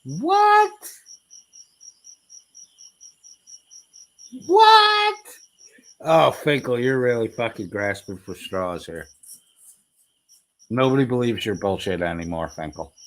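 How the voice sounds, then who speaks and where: A man's voice: on the low side, expressive, normal speed. A man commentating heatedly over replayed clips, mocking and taunting in a profane way. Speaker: streamer reacting to clips.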